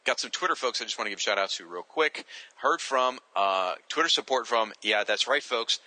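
A man's voice: medium pitch, animated, moderate pace, pushed and bright, dry recording, rough recording. Podcast host man reading out listener names. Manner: casual, self-correcting, stumbles over names. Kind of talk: reading listener shout-outs.

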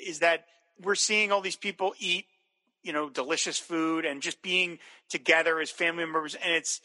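An enthusiastic man talks through a TV episode in loose, rambling podcast chat, circling back on his words. His voice is very bright and sharp, sitting a little high. The room around him rings with a long reverb. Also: steady tone, normal speed. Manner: enthusiastic, rambling with restarts, laughs often. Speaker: podcast co-host. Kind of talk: casual chat recapping a TV episode.

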